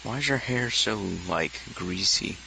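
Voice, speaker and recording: A man's voice: on the low side, lively intonation, a little slow, creaky, pushed and bright, slight background noise, rough recording. A man in the streamer's room making dry, teasing remarks.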